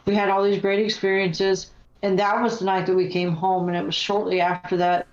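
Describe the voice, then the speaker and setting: A woman's voice: medium pitch, completely flat delivery, a little fast, dull audio. A woman, a paranormal investigator, talking earnestly as a podcast guest with laughing asides. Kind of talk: casual podcast chat.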